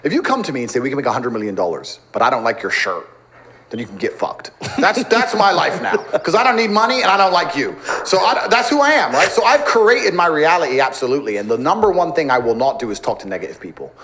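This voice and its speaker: Brash, lively-voiced man bragging. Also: high voice, fast, few pauses. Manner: brash, boastful, emphatic, laughs often. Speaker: podcast guest. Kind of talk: casual interview talk.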